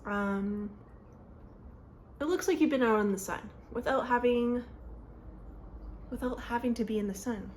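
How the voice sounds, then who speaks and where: A woman's voice: on the high side, unhurried, long pauses, darkish tone, a little hiss or hum. A young woman chatting through a makeup tutorial at home, rambling and cutting herself off, recorded on a phone. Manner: chatty, rambling, self-interrupting. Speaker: beauty vlogger. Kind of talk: casual makeup tutorial chat. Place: home, by a mirror. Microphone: phone camera.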